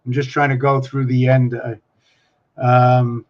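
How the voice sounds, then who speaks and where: Speaking slowly in a mid-range voice with little pitch movement, this man free-associates through a rambling solo vlog, addressing himself and the camera as the channel host. The recording has its highs cut off.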